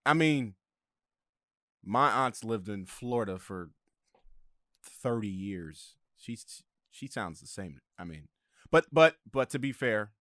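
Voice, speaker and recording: A man talking as a podcast guest in casual chat, relaxed and hesitant, often trailing off with fillers. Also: fairly low pitch, slow, long pauses, no echo, studio quality.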